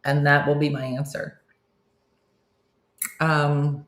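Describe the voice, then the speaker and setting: A woman's voice: deep voice, very slow, pauses often. A woman hosting a comedy morning show, chatting casually with viewers, telling stories and acting out the voices of people in them. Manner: animated storytelling, acting out quoted voices, laughing; reads out viewer names, chatty. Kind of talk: casual livestream chat. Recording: roomy echo.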